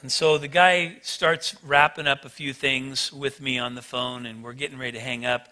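A man preaching as a pastor, telling a self-mocking personal story in an animated way. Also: medium pitch, normal speed. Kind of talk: sermon storytelling.

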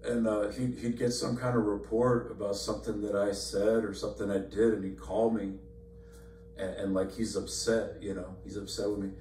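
Leading an informal Bible study in a church meeting room, this man speaks in a lowish, mellow voice with flat delivery and moderate pace, talking conversationally and full of fillers and repetitions. Echo, mic distance and a faint hum mark the recording.

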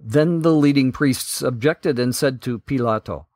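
A man hosting a Bible podcast, reading scripture in a measured, deliberate way. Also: medium pitch, a little mellow, dry recording, studio quality.

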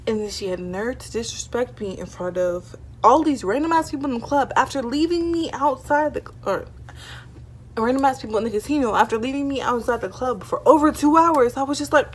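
A young woman telling a casual storytime vlog, chatty and animated, full of "like" and "y'all" fillers. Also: on the high side, fairly quick, breathy edge. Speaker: vlogger. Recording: faint background noise.

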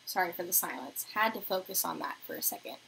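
A young woman hosting a beauty livestream from her apartment, chatting casually while doing her makeup and reading viewer comments aloud, sometimes dropping to a soft murmur. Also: lowish voice, animated, quick pace, vocal fry, a little hiss or hum, poor audio. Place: home apartment.

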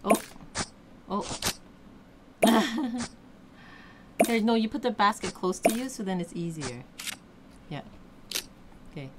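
A woman's voice: medium pitch, animated, moderate pace, pauses often. A young adult woman playing a game with her child, coaching and cheering her on in casual chat. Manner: coaching, encouraging, exclaiming. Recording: loud background noise.

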